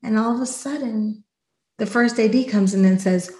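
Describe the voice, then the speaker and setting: A woman hosting a podcast, chatting casually and telling stories with lively acted-out quotes. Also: on the high side, moderate pace, echoey room, low-quality recording. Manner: animated storyteller, acts out quotes. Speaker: podcast host. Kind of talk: casual chat.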